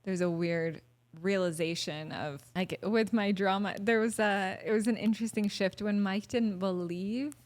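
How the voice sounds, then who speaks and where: A woman's voice: medium pitch, steady tone, moderate pace, darkish tone. A woman guest on a podcast, talking candidly and animatedly, swearing now and then and acting out her own thoughts. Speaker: podcast guest, hypnotherapy practitioner. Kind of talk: casual podcast conversation.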